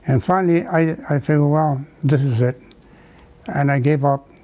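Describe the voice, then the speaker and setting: An older man from the United States, telling a wartime memory in an oral history interview, halting with many fillers and restarts. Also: a little high, dark tone, poor audio. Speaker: veteran interviewee.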